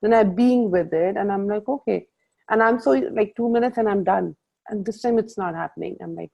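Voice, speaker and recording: A creaky, medium-pitched, fairly quick female voice leads a casual group coaching call. She tells stories with animation, quoting her own thoughts along the way, over muffled video-call audio.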